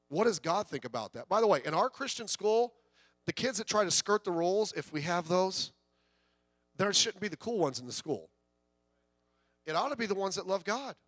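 A man's voice: high-pitched, fairly bright tone, dry recording. A man preaching a sermon as pastor, in a conversational way with stories and quoted voices.

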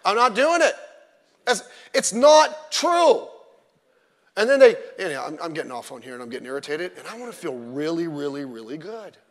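High-voiced pastor preaching in an echoing hall. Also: male voice, normal speed. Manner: animated, digressive, joking asides. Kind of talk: sermon. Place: church sanctuary. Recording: long church-hall reverb.

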